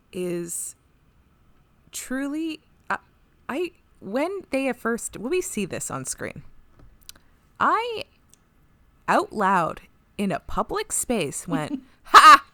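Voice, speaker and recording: A woman co-hosting a casual podcast, talking through an episode in a loose, rambling way. Her pitch swoops widely, and she laughs and swears often. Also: a bit bright. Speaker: podcast co-host. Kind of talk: casual chat recapping an episode.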